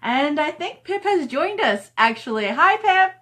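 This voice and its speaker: A woman's voice: high voice, very animated, a little slow, a bit bright. A middle-aged woman chatting casually on a live stream from home, reading viewer comments aloud and cooing at her dog. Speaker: author hosting a live stream.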